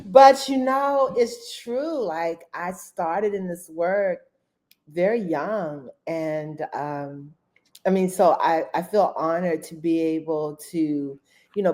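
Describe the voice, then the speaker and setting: Slow, low-voiced woman guest. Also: a little mellow. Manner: unhurried, thoughtful, with many fillers. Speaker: interview guest. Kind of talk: casual interview.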